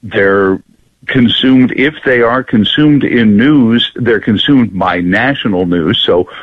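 A man who owns a local radio station, a guest on a political talk show, talking in animated bursts with restarts. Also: lowish voice, slow pace, breathy edge, no room sound, narrow, tinny audio. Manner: animated, many fillers and restarts.

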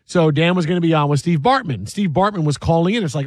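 Guy hosting sports talk radio, kinda high voice, super animated storytelling, dry close mic. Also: quick pace, dry recording. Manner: animated storyteller acting out quotes. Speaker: sports talk show host.

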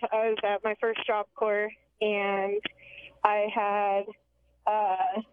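A woman calling in to a talk show, telling a long story in a chatty, rambling way over the phone. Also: fairly high pitch. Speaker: caller. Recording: tinny phone line with faint hiss.

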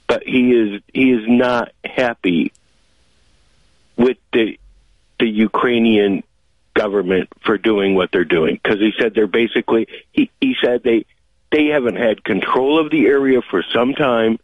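A man's voice: mid-range voice, unhurried, no room sound. Chatty male caller on a phone line. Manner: chatty storyteller, many fillers. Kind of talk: call-in radio talk.

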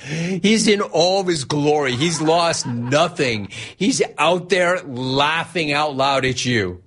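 Teasing, animated sports talk host man. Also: a little high, slow pace, faint music behind. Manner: animated, teasing, laughs often. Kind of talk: casual sports commentary reading chat.

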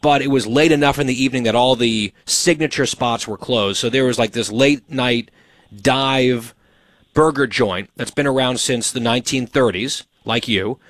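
A man's voice: mid-range voice, moderate pace, a bit bright, no echo. A man hosting a show, telling stories in casual banter with a wry, teasing manner. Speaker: show host.

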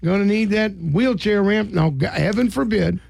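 A man hosting a radio interview in a studio, talking quickly and teasing his guests in a joking way. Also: high voice, vocal fry, a little mellow, no room sound. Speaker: radio host.

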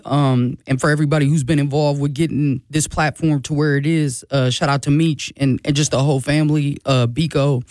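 Relaxed man, slightly high voice, dry. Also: dry recording. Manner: relaxed, conversational, many fillers and thanks. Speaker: community program guest. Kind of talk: casual radio interview. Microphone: studio microphone.

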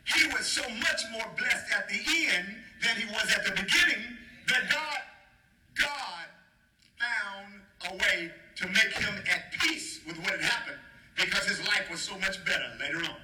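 A man preaching a sermon as pastor, animated and playful, calling out to the congregation for responses. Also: high voice, measured pace. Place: church. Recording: echoey room, faint noise.

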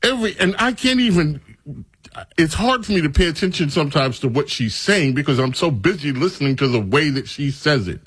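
A man's voice: fairly high pitch, husky, no echo, clean studio sound. A man hosting a talk radio show, mocking and opinionated, who stretches out his words. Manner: mocking, animated, drawn-out words.

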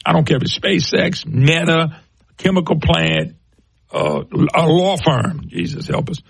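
A man delivers opinionated talk-show commentary in a raised, gravelly voice with a husky edge. He is emphatic and folksy and keeps calling his listeners folks. The sound is close and dry. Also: fairly high pitch, a little slow, dry recording, poor audio.

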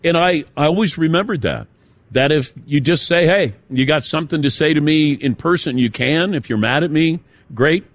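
A man's voice: a little high, normal speed, dry recording. A man hosting a sports talk radio show, telling stories and laughing easily as he passes the talk to his co-hosts. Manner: storytelling, laughs easily, hands off to co-hosts by name. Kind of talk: casual radio show banter.

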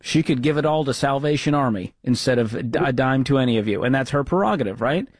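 A man's voice: mid-range voice, fast, no echo, studio quality. A man hosting an advice talk radio show, direct and reassuring with callers. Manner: direct, reassuring, recaps the story.

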